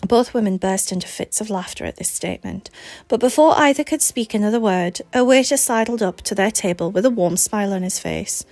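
A woman's voice: mid-range voice, a little fast, gravelly, soft background music. A woman narrating a storybook chapter, reading with expression and giving each character's lines their own tone. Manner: expressive, acts out dialogue in different tones. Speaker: audiobook reader.

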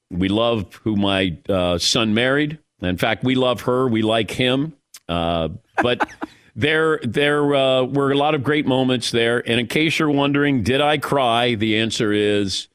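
A man's voice: medium pitch, a bit bright, dry recording. A middle-aged man hosting a sports radio show, telling a story in a casual, self-mocking and emotional way.

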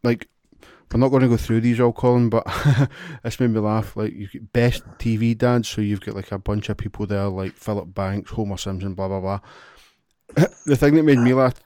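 A man's voice: lowish voice, steady tone, moderate pace, mellow, no echo, clean studio sound. A man co-hosting a podcast in casual chat, blunt and laughing often, swearing freely. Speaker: podcast co-host.

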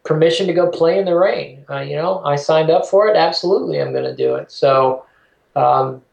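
A man's voice: on the high side, brisk, vocal fry, darkish tone. A man chatting casually as a podcast co-host, reflective and giving advice about running. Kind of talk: casual conversation. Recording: roomy echo.

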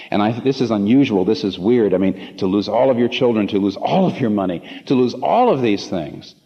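A man preaching a sermon to a congregation, passionate, repeating phrases for emphasis and swinging from low asides to emphatic peaks. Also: expressive, brisk. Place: large room before a congregation. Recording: long hall reverb, slightly muffled.

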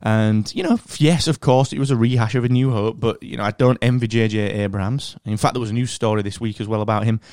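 A man with a Northern English accent hosts a podcast in a chatty, animated monologue that rambles along with fillers and restarts. His voice sits at a middling pitch, and the recording is close and dry, with no room sound. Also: quick pace, few pauses, smooth, no room sound. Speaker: podcast host.

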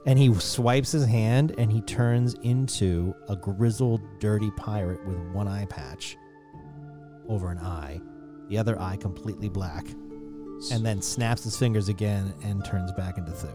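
A man's voice: on the low side, a little slow, over music. A man narrating as game master of a tabletop role-playing game, voicing pirates now and then. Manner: lively narration, slips into pirate voices.

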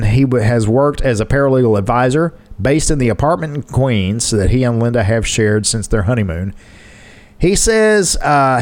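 Guy reading an article out loud on a podcast, pitch jumps all over, cracks jokes. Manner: reads quotes with joking asides, laughs often. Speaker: podcast co-host. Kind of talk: casual chat, reading an article aloud.

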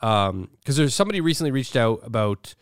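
A man co-hosting a podcast, talking fast and acting out arguments in quick put-on voices. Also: mid-range voice, clean tone, no echo, clean studio sound. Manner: fast, animated, acts out quarrels in shifting voices. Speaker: podcast co-host. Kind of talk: casual podcast banter.

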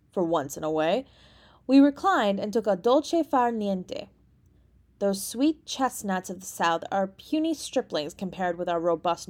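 A woman audiobook reader narrating a classic story in a measured, even way. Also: medium pitch. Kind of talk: scripted narration.

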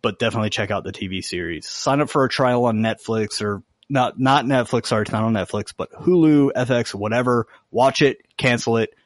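A man's voice: mid-range voice, brisk, hardly any pauses, dry recording. A man co-hosting a podcast, chatting casually and recommending a show with emphatic enthusiasm. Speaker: podcast co-host. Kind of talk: casual chat.

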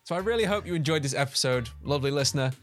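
Lively, laughing male podcast co-host. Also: fairly high pitch, rapid-fire, soft background music. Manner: laughing, teasing, lively storyteller. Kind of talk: casual chat.

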